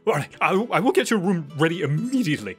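A man's voice: on the high side, very animated, quick pace, breathy edge, soft background music, voice pushed up. A man voicing a fussy, doting male innkeeper who is flustered and eager to help, stammering with concern.

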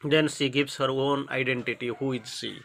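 A man of middling pitch with a bright, sharp tone teaches a devotional poem line by line. He lifts his voice to declaim each verse, then drops back to paraphrase it in halting phrases full of restarts. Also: level tone. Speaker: spiritual teacher.

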